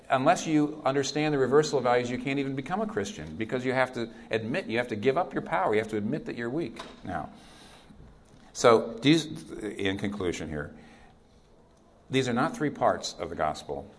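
A man preaching a sermon as pastor, earnest and emphatic, often dropping to a quiet, firm voice for his key points. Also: medium pitch.

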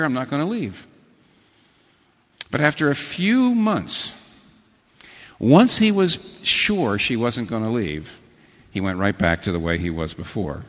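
A middle-aged man preaching a sermon as pastor, telling stories and quoting scripture with sudden swings between low, hushed phrases and raised, emphatic ones. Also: moderate pace. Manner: animated storytelling with sudden pitch swings and quotations. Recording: long hall reverb.

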